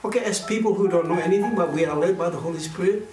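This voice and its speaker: A man's voice: high voice, very fast, a little mellow. A male minister giving an earnest, conversational sermon and telling a personal story, with many restarts. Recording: roomy, voice distant from mic.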